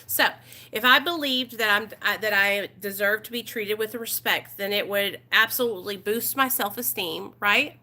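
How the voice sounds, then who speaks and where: A woman with an East Texas accent hosts a casual livestream, reading aloud and talking straight with her viewers. Her voice is bright and forceful, at a middling pitch for a woman. She is chatty and blunt, greeting people and answering their comments as they come in. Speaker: recovery support livestream host.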